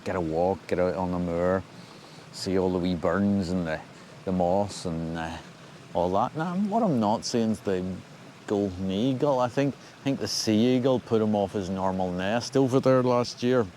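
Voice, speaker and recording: An older Scottish man with a lowish voice chats to the camera as he walks outdoors on a windy moor. His talk rambles along, easygoing and understated, with a dry sense of humour. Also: normal speed, darkish tone. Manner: rambling, understated and dryly humorous. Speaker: angling vlogger. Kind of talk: casual walking commentary.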